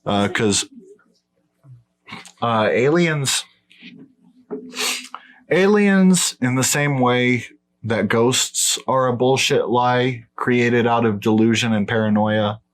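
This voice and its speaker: A man's voice: mid-range voice, takes it slowly, pauses often. A man hosting a podcast in casual debate chat, blunt and profane, dismissing claims outright. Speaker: podcast host.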